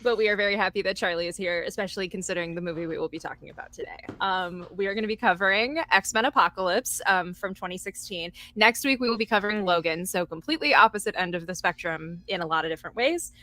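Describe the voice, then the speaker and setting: A woman's voice: on the low side, fast talker, few pauses, bright, forceful tone. A woman hosting a podcast, introducing guests and the episode in an upbeat, organized way. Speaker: podcast host. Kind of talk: casual podcast chat.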